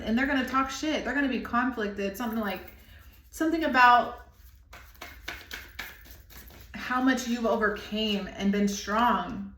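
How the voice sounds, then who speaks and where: A woman's voice: on the high side, a bit bright. A woman in her thirties giving an intuitive tarot reading, emotional and rambling as she searches for words. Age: 30s. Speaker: tarot reader. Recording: echoey room.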